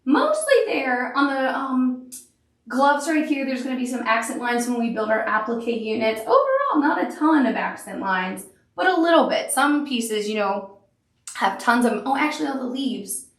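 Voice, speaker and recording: A woman's voice: a little high, lively intonation, normal speed. A woman giving a chatty, upbeat sewing tutorial while she works. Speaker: sewing instructor. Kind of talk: crafting tutorial. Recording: echoey room.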